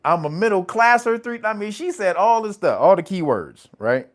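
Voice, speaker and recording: A man's voice: high-pitched, lively intonation, moderate pace. A man hosting his own channel, giving casual, profane commentary and laughing often as he tells stories. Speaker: channel host.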